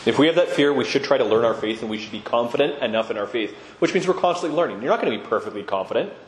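A man's voice: mid-range voice, expressive, racing, slight background noise. A man giving a conversational sermon-style talk on Orthodox Christian living, acting out quoted voices as he goes. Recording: echoey room with long reverb.

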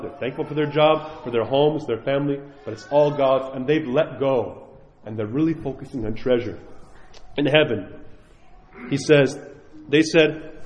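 A man, a priest, preaching a sermon to his congregation, earnest and pleading, swinging between loud emphasis and soft asides. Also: a little high. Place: church. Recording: echoey church hall, dull sound.

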